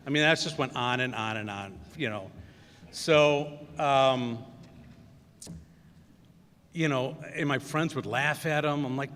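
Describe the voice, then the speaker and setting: A man's voice: mid-range voice, slow pace, pauses often, a bit bright, a little hiss or hum. Middle-aged man, commencement speaker, loose anecdotal delivery, long hall reverb. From Wisconsin. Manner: storytelling with many fillers and acted quotes. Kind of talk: anecdotal speech. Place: large hall.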